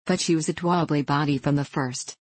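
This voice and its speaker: A woman's voice: low-pitched, a little fast, no echo. A woman voicing a stern, blunt old lord and judge who speaks with a Scottish accent. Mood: gruff. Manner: blunt, curt, grimly dry.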